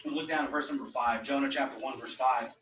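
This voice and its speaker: Bright-voiced man preaching in echoey church. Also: mid-range voice, fairly even intonation, quick pace, a little hiss or hum. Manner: casual, joking preaching with mocking quoted voices. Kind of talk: sermon. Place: church sanctuary. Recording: roomy, distant, dull church recording.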